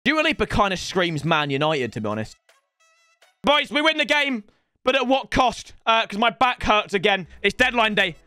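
A young man giving excitable, swear-filled commentary on his football video game, often yelling at the game. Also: high voice, moderate pace, smooth, no echo, faint music behind. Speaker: gaming YouTuber. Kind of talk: let's-play gaming commentary.

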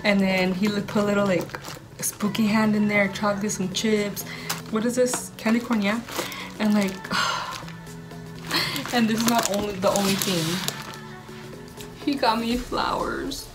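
A woman's voice: medium pitch, fairly even intonation, unhurried, long pauses, music in the background. A young woman chatting to camera at home for her vlog, gushing and rambling with lots of "like". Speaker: vlogger. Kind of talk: casual chat to camera.

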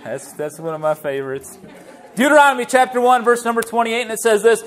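High-voiced man preaching a lively sermon. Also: brisk, a faint crowd. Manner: lively preaching with rhetorical questions to the congregation. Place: church sanctuary.

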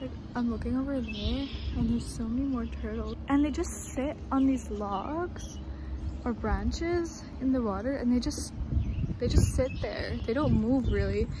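A young woman chatting excitedly as she vlogs a walk along a lakeside park trail, speaking into a handheld phone. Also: on the high side, a little slow. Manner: excitable, chatty, exclaims often. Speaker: vlogger. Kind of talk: casual vlog narration. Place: outdoor park trail by a lake. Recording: loud outdoor noise behind.

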